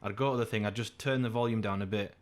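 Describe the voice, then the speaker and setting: A man's voice: steady tone, quick pace. A young man from England co-hosting a podcast, telling rambling anecdotes with plenty of swearing. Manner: swearing, rambling anecdotes, acts out quotes in a high voice. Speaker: podcast co-host. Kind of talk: casual chat.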